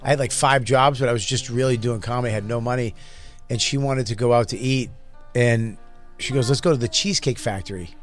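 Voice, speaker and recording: A man's voice: mid-range voice, steady tone, brisk, soft background music. A man hosting a casual comedy podcast, telling stories loosely with swearing and frequent laughs. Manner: storytelling with profanity and laughter. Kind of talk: casual chat.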